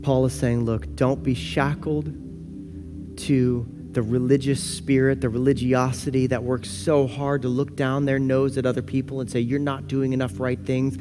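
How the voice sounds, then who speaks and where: Earnest pastor preaching over soft music. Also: male voice, mid-range voice. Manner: earnest, varies from soft and slow to lively and loud. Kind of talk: sermon. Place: church sanctuary.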